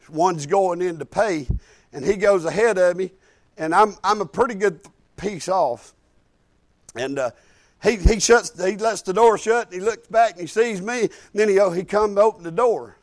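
Preacher guy, high voice, folksy rambling story, lots of "i said". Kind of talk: sermon storytelling.

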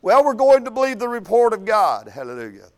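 A man preaches in a high voice. He moves between personal testimony and scripture, and his delivery climbs to emphatic, shouted lines. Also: big pitch swings, fairly quick. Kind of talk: sermon.

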